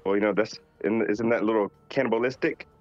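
A man from North Carolina, a voice actor reading out fan questions and answering them in a relaxed, joking way. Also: on the low side, fast, dry recording. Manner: laid-back, joking, reads questions aloud. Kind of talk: casual live Q&A. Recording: dull lo-fi sound with faint music behind. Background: faint music.

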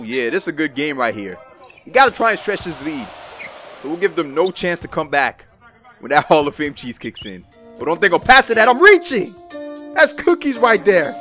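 A young man giving excited, trash-talking commentary over his own basketball video game play. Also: high-pitched. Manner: hyped, exclaiming, trash-talking. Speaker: gaming YouTuber. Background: background music.

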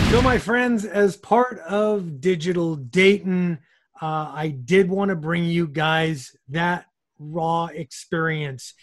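A man talks casually to camera as host of an amateur radio show. He takes his time, drawing words out slowly, and fills the gaps with uhs. His voice sits a little higher than most men's. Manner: loose and chatty, with frequent uhs. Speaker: ham radio video host.

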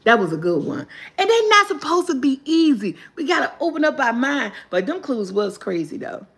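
A woman hosting a live guessing game, reading clues slowly and cheering loudly when viewers answer right. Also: high-pitched, sing-song, breathy edge. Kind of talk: casual live-stream chat.

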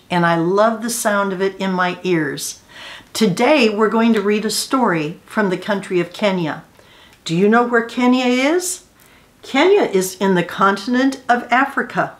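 Woman reading a picture book to children, mid-pitched and gentle, pausing to explain words. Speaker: children's storyteller.

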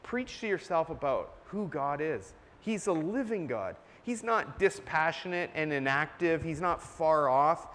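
A man's voice: fairly high pitch, a little slow, hardly any pauses, a bit bright, a little hiss or hum. A man preaching a sermon in a church, earnest and emphatic, stopping to cough now and then. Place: church sanctuary. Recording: long church reverb.

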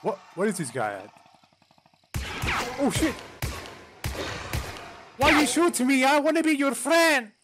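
A young man playing a multiplayer game, talking excitedly, yelling for help, cursing and saying "dude" all the time. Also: extremely high pitch, slow pace, pauses often, very noisy. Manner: excitable, yells for help, curses, says "dude" constantly. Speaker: gamer. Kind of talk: excited gaming commentary.

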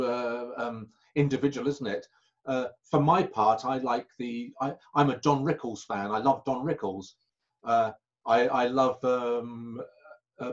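Man, storytelling guest, halting, self-correcting, dull lo-fi call audio. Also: mid-range voice. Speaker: magician guest. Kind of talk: anecdotal interview chat.

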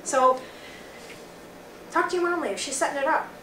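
Bright-voiced Long Island woman, roomy. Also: high-pitched, moderate pace. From Long Island, New York. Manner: chatty, rambling, relays messages in quotes. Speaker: psychic reader. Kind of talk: live psychic reading for an audience. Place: bookstore event room, small group. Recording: roomy, from far off, faint noise.

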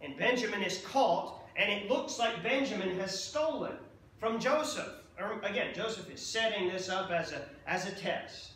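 A man with a high, bright voice preaches a conversational sermon and keeps checking in with his listeners. He is recorded from a distance in a very echoey church, with faint room noise behind him. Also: animated, normal speed. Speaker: pastor. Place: church sanctuary.

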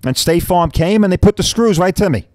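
A man's voice: high voice, lively intonation, a little fast, darkish tone, no room sound. Blunt, rambling middle-aged man. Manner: rambling and blunt, mild swearing; chatty, keeps asking "right?". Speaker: podcast host. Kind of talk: casual podcast talk.

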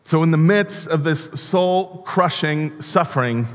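A man gives a sermon as pastor in a slow, earnest way, stumbling and restarting as he goes. His voice sits somewhat high for a man. The long reverb of a church sanctuary trails behind each phrase. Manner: earnest, halting preaching with repeated restarts.

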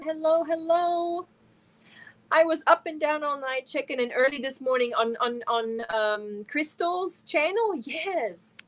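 A middle-aged woman from Germany, hosting a casual live stream and reading viewer messages aloud as she answers them. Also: sits high. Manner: reads chat messages aloud and answers viewers warmly one by one.

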